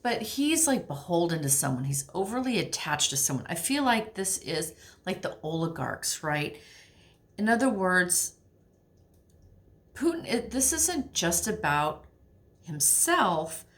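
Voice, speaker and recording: Lowish-voiced woman chatting through a tarot reading, goes all hushed while shuffling. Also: unhurried. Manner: chatty, animated, drops to near-whisper while shuffling. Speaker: tarot reader. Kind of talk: casual tarot reading to camera.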